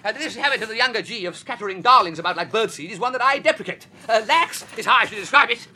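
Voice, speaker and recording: Jittery posh young gent, stammers, talks fast, bright high voice, faint hiss and clicks. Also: animated, husky, exaggerated voice. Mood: flustered. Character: flustered young upper-class gentleman, chatty and evasive.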